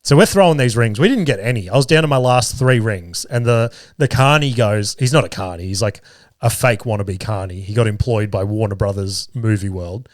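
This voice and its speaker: A man's voice: lowish voice, brisk, no room sound, studio quality. An Australian man in his thirties, hosting a podcast and telling family stories in a casual, sweary way, laughing often. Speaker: podcast host. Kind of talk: casual storytelling chat.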